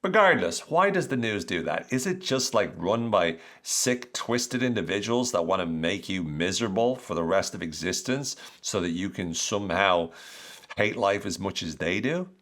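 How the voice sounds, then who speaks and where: A man hosting an educational podcast, explaining ideas in a conversational, animated way with rhetorical questions. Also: sits low, normal speed. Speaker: podcast host.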